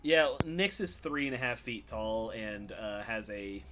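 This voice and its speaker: A man's voice: on the low side, animated, measured pace, fairly bright tone, a little hiss or hum. A man playing in a tabletop game, talking casually and laughing often. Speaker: player.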